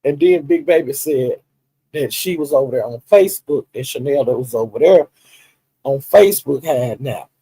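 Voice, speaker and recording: Poor audio with no room sound carries a mid-range, slightly rough voice at a moderate pace. A livestream commentator, he casually gossips about online drama, laughing and performing the quotes with energy.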